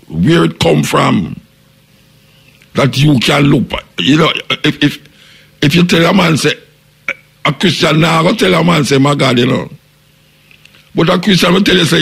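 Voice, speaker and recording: A Jamaican man with a gravelly, husky voice holds forth as a radio host. He preaches his point and keeps throwing out rhetorical questions, now and then acting out what other people would say. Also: fairly high pitch, animated, measured pace, long pauses, a bit bright. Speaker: radio talk show host. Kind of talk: reasoning monologue on radio.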